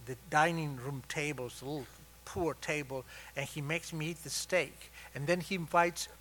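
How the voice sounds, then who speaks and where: A man in his sixties sharing a personal story at a recovery meeting, with wry, self-mocking humor that turns tender and soft. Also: fairly high pitch.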